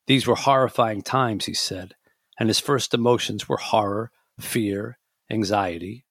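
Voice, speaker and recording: A man reading a memoir aloud in a measured, reflective way. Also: lowish voice, a bit bright, no room sound, clean studio sound. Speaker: audiobook reader and podcast host.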